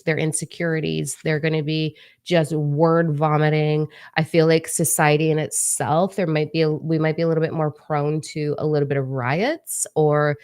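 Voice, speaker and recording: A woman's voice: low voice, no echo, clean studio sound. A woman giving a casual spiritual forecast to camera, blunt and profane, with joking asides and whispered remarks to herself.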